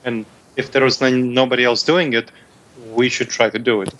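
A man's voice: medium pitch, little pitch movement, normal speed, a bit bright, low-quality recording. A man, a guest author, answering eagerly in an interview and often correcting himself mid-sentence. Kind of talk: casual interview talk.

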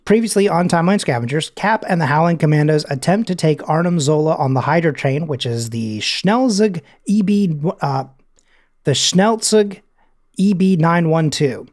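Chatty and animated, this male podcast host walks through a film scene, quoting lines and tossing in his own remarks. He speaks at normal speed in a fairly high, slightly mellow voice.

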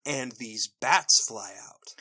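Bright-voiced wry co-host. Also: mid-range voice, slow, slightly rough. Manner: wry, laughs often, dry asides. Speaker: podcast co-host. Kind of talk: casual chat.

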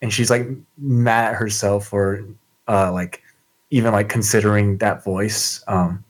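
A man's voice: on the low side, fairly even intonation, unhurried. A man playing a tabletop game who talks hesitantly, with many fillers. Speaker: player. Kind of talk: casual game talk.

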